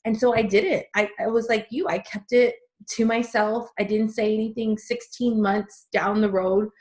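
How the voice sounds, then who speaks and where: A woman hosting an interview, talking softly and conversationally, with many "like"s. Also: on the high side, fairly even intonation, normal speed. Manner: soft-spoken, frequent "like". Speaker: host.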